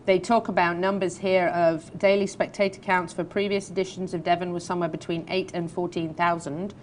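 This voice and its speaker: English woman host, lowish voice, playful and chatty, studio chat with faint background rumble. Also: little pitch movement, brisk. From England. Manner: chatty, laughs easily, playful. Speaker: talk show host. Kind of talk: casual chat and news reading.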